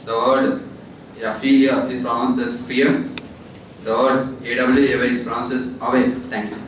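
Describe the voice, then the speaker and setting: A man's voice: mid-range voice, little pitch movement, unhurried, slight background noise. Young guy reciting spellings with slips, super roomy far-off sound. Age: young adult. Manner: spells words letter by letter, stumbles and corrects himself. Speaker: student presenter. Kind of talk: classroom pronunciation presentation. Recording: very echoey classroom from far off.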